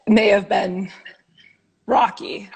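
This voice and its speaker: Husky-voiced woman asking teasing questions. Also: medium pitch, little pitch movement, takes it slowly. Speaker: interviewer. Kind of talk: casual chat. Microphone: video call.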